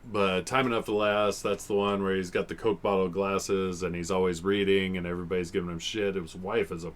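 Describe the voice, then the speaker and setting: A man's voice: sits low, level tone, brisk, slight background noise. A man in his forties hosting a podcast, casually rambling and swearing as he reviews old TV episodes. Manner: rambling, swearing, laughs often. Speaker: podcast host.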